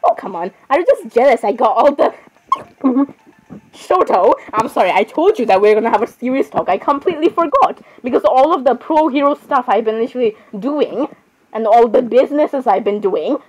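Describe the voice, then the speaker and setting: Playful high-voiced woman gamer. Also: animated, normal speed, a little mellow, low-quality recording. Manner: chatty, laughs often, playfully sarcastic. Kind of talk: casual gameplay commentary.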